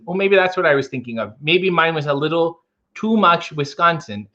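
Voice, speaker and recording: Bright-voiced wry livestream host. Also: male voice, on the high side, a little fast, muffled recording. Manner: wry, deadpan asides. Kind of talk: casual chat reading viewer comments.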